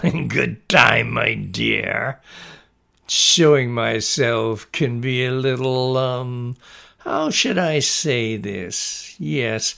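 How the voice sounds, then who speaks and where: A hidden monster that taunts a little girl in a slow, drawn-out voice with a menacing lilt, as a storyteller puts it on. The voice is gravelly and creaky, and every word is stretched out for effect. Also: mid-range voice, sharp tone, exaggerated voice. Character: menacing deep-voiced monster hiding in a cloakroom.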